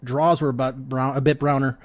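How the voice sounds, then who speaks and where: A man's voice: medium pitch, level tone, fairly quick. A middle-aged man hosting a casual podcast chat, telling self-deprecating stories with frequent laughs. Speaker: podcast host.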